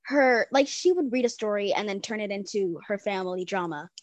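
A woman's voice: mid-range voice, lively intonation, a little fast, no room sound. A young woman telling rambling school stories in casual chat, often breaking into giggles. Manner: giggly, rambling, many fillers.

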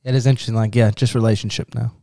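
Relaxed reflective male co-host. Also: medium pitch, very fast, vocal fry, no echo, clean studio sound. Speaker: podcast co-host. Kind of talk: casual Bible discussion.

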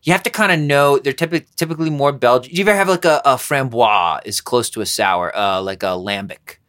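A man in mid range talks casually as a podcast host. He rambles, gets animated and curses freely, with a loose, unscripted flow. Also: medium pitch, brisk. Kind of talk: casual chat.

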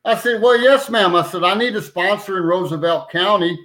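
A man's voice: high-pitched, brisk, fairly bright tone, rough recording. Folksy rambling man telling a story. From New Mexico. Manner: folksy, rambling, repeats "anyway". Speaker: podcast guest, citizen petition organizer. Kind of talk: casual storytelling.

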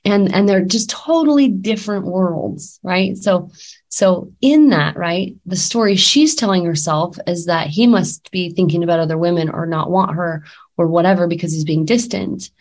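A woman's voice: fairly low pitch, normal speed, a little mellow. A woman in her thirties, a life coach, talking candidly and casually with many fillers and restarts, a little sick. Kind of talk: casual talk to camera.

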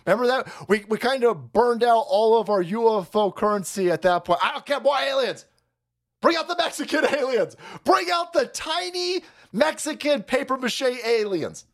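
A man's voice: very high voice, expressive, moderate pace. A man hosting a livestream, ranting and mocking in a foul-mouthed way. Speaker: livestream host. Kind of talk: profane political rant on a livestream.

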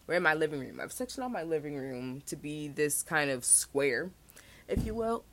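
A young woman hosting her own podcast, talking in a chatty, animated way with quick asides. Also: low voice. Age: young adult. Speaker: podcast host. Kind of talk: casual chat.

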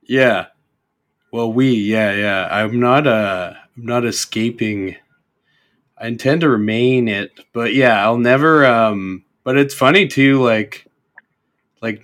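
A young man with a Canadian accent talks in a loose, rambling way, filling gaps with ums and circling back to restart his sentences. His voice sits a little on the low side. The feel is a relaxed podcast conversation. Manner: rambling, halting, with many fillers and self-corrections. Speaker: podcast guest. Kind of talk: casual chat.

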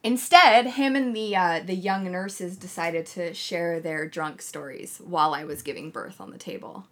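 A young woman chatting casually as a podcast co-host, telling a blunt, heavily sworn, animated story. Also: fairly low pitch, moderate pace. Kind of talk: casual chat.

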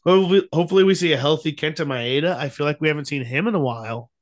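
Talking rapid-fire in a voice on the high side, this young podcast co-host keeps the baseball chat casual. He relaxes into plenty of ums and restarts as he goes.

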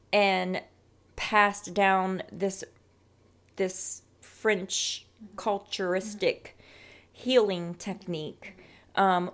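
A woman from Louisiana, a guest on an interview show, chatting in a lively way, laughing often and leaning on "um" and "like". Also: medium pitch. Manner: animated, laughs often, fillers like "um" and "like". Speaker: guest, psychic medium. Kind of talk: casual interview chat.

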